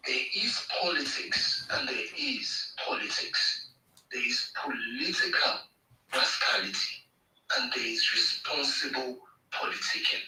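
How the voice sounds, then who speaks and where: A man's voice: mid-range voice, very animated, a little slow, bright, forceful tone, echoey room, distant mic, low-quality recording. A Nigerian man giving an impassioned, emphatic political speech on a live audio space, hammering points home with repetition. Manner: emphatic, repeats phrases for effect.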